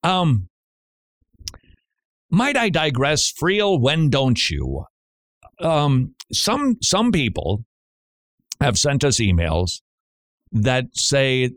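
A man's voice: mid-range voice, huge pitch swings, extremely slow, pauses often, no echo, studio quality. A man hosting a radio talk show in a casual, joking way, laughing often and stammering on repeated words.

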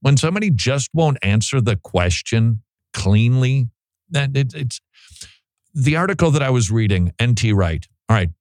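A man's voice: medium pitch, lively intonation, moderate pace, a little mellow, dry recording. A man hosting a talk show, giving sarcastic, mocking commentary with laughing asides. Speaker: host.

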